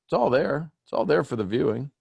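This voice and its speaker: On a live video group coaching call, a man with a medium-pitched, slightly fast voice hosts, his tone carrying vocal fry and a breathy edge with no room sound. Animated and teasing, he jokes with listeners while questioning them step by step through their issues.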